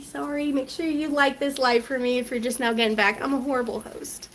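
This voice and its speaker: High-voiced chatty woman hosting a cooking livestream. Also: steady tone, brisk, slight background noise. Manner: chatty and scattered, reads viewer comments aloud. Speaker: mother. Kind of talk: casual live-stream chat while cooking. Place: home kitchen.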